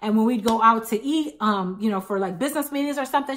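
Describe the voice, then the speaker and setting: A woman's voice: a little high, quick pace, a bit bright, a little hiss or hum. A woman in her thirties chatting to camera as a couponing vlogger, telling stories with emphatic asides. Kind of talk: casual chat to camera.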